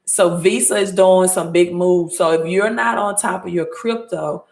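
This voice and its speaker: A woman's voice: on the low side, fairly even intonation, measured pace, gravelly, darkish tone, reverberant. A woman with a Southern Mississippi accent hosting a casual livestream, chatting loosely and reading out viewer comments as she thinks aloud. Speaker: credit advice host.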